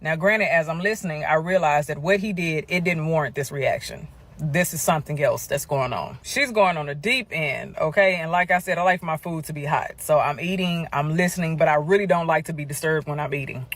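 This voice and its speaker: A woman's voice: low-pitched, a little fast, fairly bright tone. A woman telling a personal story in a chatty way, talking straight to viewers. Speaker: storyteller in a shared clip. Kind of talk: casual storytelling to camera.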